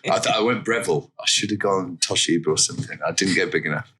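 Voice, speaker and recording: A man's voice: sits low, fast talker, bright, forceful tone, slightly rough. An English man, a guest in a casual chat, jokey and self-deprecating. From England.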